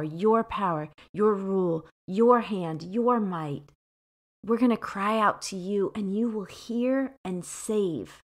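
A woman hosting a devotional podcast, reading scripture slowly and sharing reflections in an earnest, reflective way. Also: on the low side. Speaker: podcast host teaching scripture.

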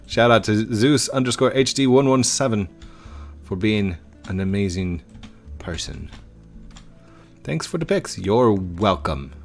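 A man in a rambling, joking gameplay commentary, with a lowish voice and a slow, unhurried pace. Faint music plays behind him. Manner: rambling, joking, chatting with players. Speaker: gaming video host.

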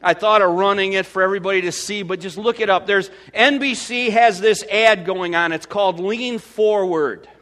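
A Midwestern American man preaching a sermon as pastor, swinging from loud to hushed. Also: high-pitched, moderate pace, hardly any pauses.

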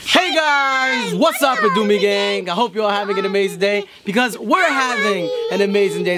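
A young man vlogging casually at a family party, joking and talking excitedly to the camera. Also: high voice, normal speed, few pauses, loud music behind the voice. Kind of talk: casual vlog chat. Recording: busy room with crowd noise. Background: crowd chatter.

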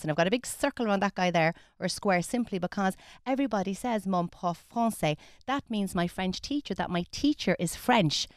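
A woman's voice: medium pitch, animated, a little fast, hardly any pauses, dry recording, clean studio sound. An Irish woman teaching French phrases on the radio, explaining patiently and modelling the pronunciation. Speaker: French tutor.

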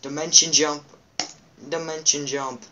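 A man's voice: on the high side, level tone, a little slow, muffled recording, background noise. A man hosting a let's play, reading game captions aloud with goofy asides and playful quack and meow noises. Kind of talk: casual game commentary.

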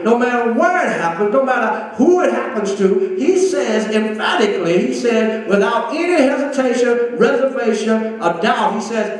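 Man, pastor, emphatic sermon, fairly high voice, heard from a distance. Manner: emphatic preaching with repeated phrases and drawn-out quotes. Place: church. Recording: echoey church room from far off.

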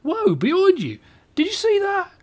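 A man's voice: wildly swooping pitch, normal speed, exaggerated voice. A man putting on a sing-song English mudlark. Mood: cheery. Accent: bad put-on English accent. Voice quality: high, sing-song, swooping. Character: cheery male English mudlark, chatty friend.

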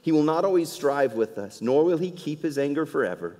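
A male pastor preaching a sermon, swinging between loud emphatic lines and quiet conversational asides. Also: fairly high pitch, expressive, fairly quick, big-room sound. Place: church sanctuary.

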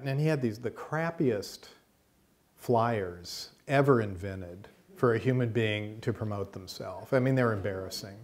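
A middle-aged American man teaching a course, telling an anecdote in a lively way and acting out the voices of the people in it. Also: mid-range voice. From United States. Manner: lively storyteller, acts out the voices in his anecdotes. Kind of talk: storytelling lecture to a class.

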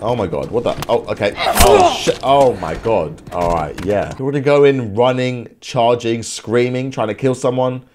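A young man commentating a video game as he plays, excitable, swearing and yelping often. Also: medium pitch, normal speed, hardly any pauses, background noise. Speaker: gaming YouTuber. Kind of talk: let's play commentary.

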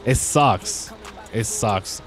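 A young man telling stories in a casual, slangy way while commenting on his gameplay, getting excited as he talks. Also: on the low side, very slow, soft background music. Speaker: gaming YouTuber.

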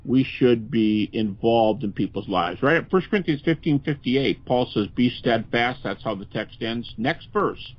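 A man's voice: medium pitch, lively intonation, unhurried, few pauses. An older man, a guest scholar in a podcast interview, speaking earnestly and conversationally with frequent restarts. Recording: dull, lo-fi podcast audio.

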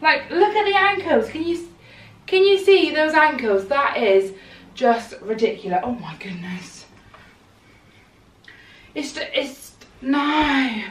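A woman's voice: high-pitched, animated, slow pace, pauses often. A young woman chatting casually to camera in a try-on haul, outspoken and exasperated. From United Kingdom. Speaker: fashion vlogger.

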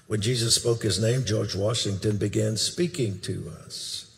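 Older male preacher, deliberate, slow delivery, emphatic swells; long hall reverb. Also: fairly low pitch, gravelly. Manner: emphatic, with sudden loud bursts and questions to the crowd. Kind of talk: sermon, recounting a prophetic dream.

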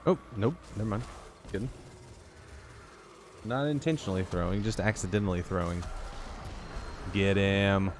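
A man's voice: fairly low pitch, lively intonation, a little fast, long pauses, a little mellow, a little hiss or hum. Tired man rambling over gameplay. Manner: rambling, joking, self-talk while playing. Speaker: gaming YouTuber. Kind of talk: casual gameplay commentary.

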